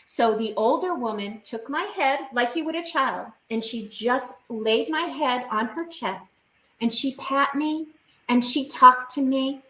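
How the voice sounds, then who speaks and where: A woman's voice: high-pitched, unhurried, sharp tone, roomy sound, poor audio. A woman guest on a video call, recounting a personal experience in vivid, emotional detail.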